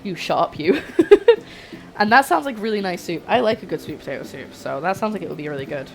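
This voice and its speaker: Excitable young woman cooking on stream. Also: on the low side, quick pace, vocal fry, a little hiss or hum, rough recording. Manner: excitable, flustered, chatty with chat. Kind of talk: casual cooking livestream chat.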